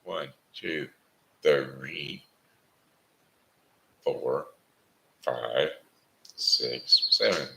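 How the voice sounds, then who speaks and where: A man hosting a casual live home broadcast from Missouri, rambling and chatty, tired, giving shout-outs and singing. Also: rumbling low, drawn-out words, gravelly, pauses often, poor audio. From St. Charles, Missouri. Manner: rambling, chatty, sings a birthday song.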